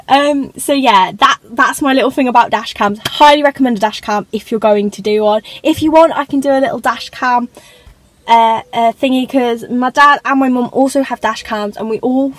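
A teenage woman talks casually from the seat of her parked car. Her voice sits a little high, and she drifts off on tangents, adding self-conscious little asides as she goes. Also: low-quality recording. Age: teens. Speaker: vlogger. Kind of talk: casual car tour vlog.

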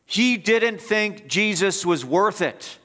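A pastor delivers a sermon in a man's voice that sits a little high. He talks emphatically and repeats his points, letting his intensity climb and then sink low. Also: animated, slow pace, bright, forceful tone. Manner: emphatic, repetitive preaching with rising and falling intensity. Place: church.

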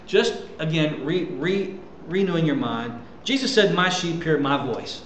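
A man preaching a sermon in an animated way, rising loud and dropping soft and often repeating words. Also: fairly high pitch, measured pace. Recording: echoey room with faint ambient noise.

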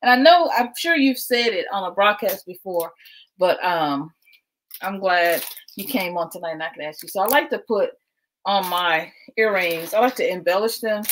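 A woman's voice: medium pitch, expressive, moderate pace, slight background noise, low-quality recording. Chatty woman livestreaming at home. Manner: chatty, keeps addressing viewers as y'all; laughs often, talks while packing. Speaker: livestream host. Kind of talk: casual livestream chat. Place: at home indoors.

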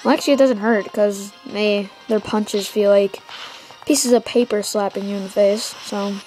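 A teenage girl hosting gameplay commentary from home, rambling excitedly and trash-talking the game. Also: medium pitch, normal speed, soft background music. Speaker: let's play host.

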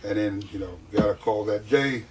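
A man telling stories from his wrestling career in a casual interview, animated and often laughing. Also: fairly low pitch, normal speed, recorded from a distance, crowd noise. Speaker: guest, wrestler.

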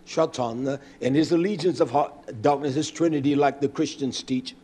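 Guy preaching, pretty high voice, gets loud then drops way down quiet. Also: brisk, breathy edge. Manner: preaching, shifts between shouting and quiet confiding. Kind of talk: sermon.

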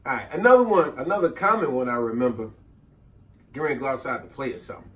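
A man telling funny childhood stories to his viewers in a casual, animated way, often laughing. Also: mid-range voice, fast, recorded from a distance. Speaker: vlogger. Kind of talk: comedic storytelling. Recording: voice a bit off-mic.

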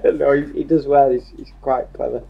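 A man's voice: medium pitch, normal speed, vocal fry, husky, phone-quality sound. A young man with a Yorkshire accent, casually reading live chat comments aloud and joking. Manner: jokey, reads comments aloud in a lively voice.

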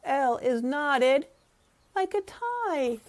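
A woman teacher reads a picture book aloud to children, stopping to ask them questions. Her slightly high voice swings widely in a sing-song way, and she takes her time with each line. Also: extremely slow. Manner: animated, sing-song, asks the listeners questions.

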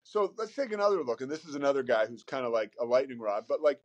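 A man talking casually as a podcast guest, animated and rambling, often repeating words as he starts a thought. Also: mid-range voice, quick pace, highs cut off. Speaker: podcast guest, sports broadcaster. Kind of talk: casual conversation.

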